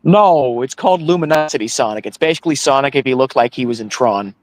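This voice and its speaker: A man's voice: mid-range voice, lively intonation, fast talker. Stammering laid-back male co-host. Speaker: podcast co-host. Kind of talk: casual pop-culture chat.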